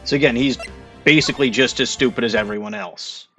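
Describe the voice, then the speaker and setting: A man's voice: mid-range voice, fairly quick, a bit bright, dull audio, soft background music. A man hosting a video game let's play, giving casual commentary in a rambling, sarcastic way. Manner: rambling, sarcastic, with many fillers and restarts.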